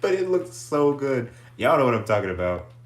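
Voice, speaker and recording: A man hosting a livestream in casual chat, goofy and animated, laughing often. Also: mid-range voice, brisk, echoey room. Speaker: livestream host.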